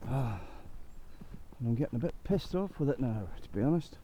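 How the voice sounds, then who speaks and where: A man's voice: medium pitch, expressive, moderate pace. A Scottish man talking casually to his camera while hiking in the rain, blunt and grumbling, a bit out of breath. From Scotland. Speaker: hiking vlogger. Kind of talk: casual walking commentary. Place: outdoors on a rainy forest trail. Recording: dull lo-fi with loud outdoor noise.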